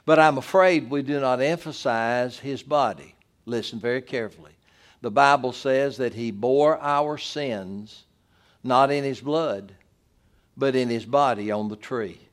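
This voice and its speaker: A man preaching a communion sermon as pastor, emphatic and building to forceful repeated declarations. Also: mid-range voice.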